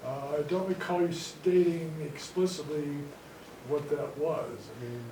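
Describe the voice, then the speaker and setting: A man's voice: on the high side, unhurried. A man from the audience asking a question in a hesitant, searching way. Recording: echoey room, distant mic, audible background noise.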